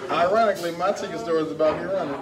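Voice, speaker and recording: A man hosting a podcast live at a bar, telling profane stories with lots of laughter. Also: on the high side. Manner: loud laughing, storytelling, profane. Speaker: podcast host. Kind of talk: raunchy casual chat. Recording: far from mic, crowd noise.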